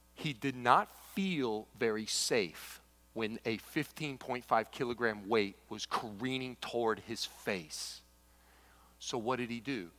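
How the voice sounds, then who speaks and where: A middle-aged man, a pastor preaching a sermon, telling a story with big swings from loud exclamations to hushed, intense asides. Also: lowish voice. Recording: echoey large hall.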